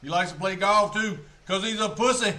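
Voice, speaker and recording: A man's voice: sits high, moderate pace, sharp tone. Crude, mocking male streamer. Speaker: streamer reacting to clips. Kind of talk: casual reaction commentary.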